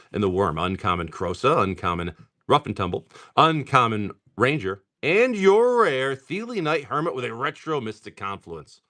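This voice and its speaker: With a mid-range voice and a fairly bright tone, a middle-aged man opens card packs live for his stream. He runs rapidly through card names and drops chatty asides to buyers, keeping the commentary casual.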